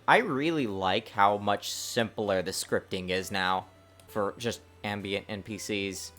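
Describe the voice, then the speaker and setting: A man streaming his game development work, talking to himself in a lively, self-mocking way. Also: fairly low pitch. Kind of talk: casual livestream dev commentary.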